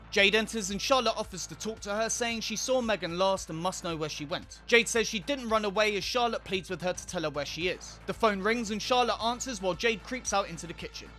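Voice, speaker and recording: A man's voice: high-pitched, fairly bright tone. A man narrating a film recap with sardonic, profane asides. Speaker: film reviewer.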